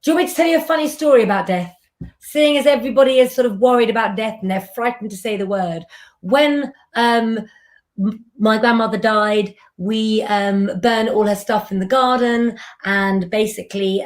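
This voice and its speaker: A woman hosts a live tarot reading in a relaxed, chatty way. She speaks gently and affectionately, rambling with plenty of fillers, in an ordinary mid-range voice. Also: medium pitch, normal speed. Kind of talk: live streamed tarot reading, casual chat.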